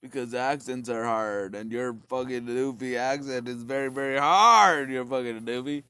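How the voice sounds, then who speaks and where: A man's voice: medium pitch, normal speed, pushed and bright, smooth, no echo. A man, ranting casually in a rambling, profane way full of fillers and restarts. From Canada. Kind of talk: casual rant.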